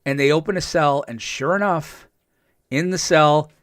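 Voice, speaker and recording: A man hosting a podcast, recapping a TV episode in a casual, excited way, full of ums and restarts and acting out the characters' lines. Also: on the high side, moderate pace, dry recording, clean studio sound. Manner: chatty, with frequent ums and restarts. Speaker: podcast host.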